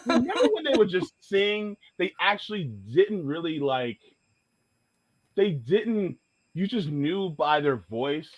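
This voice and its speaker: A man co-hosting a casual podcast chat, animated and quick to hum riffs from songs. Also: high-pitched. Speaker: podcast co-host.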